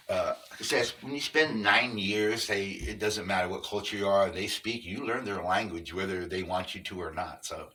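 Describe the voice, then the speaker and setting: A middle-aged man with a very low voice talks off the cuff to his viewers, earnest and halting as he explains each point step by step. He sits some way back from the microphone, so his voice sounds distant. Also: sharp tone, a little hiss or hum. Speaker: vlogger on Sasquatch encounters. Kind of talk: casual unscripted monologue.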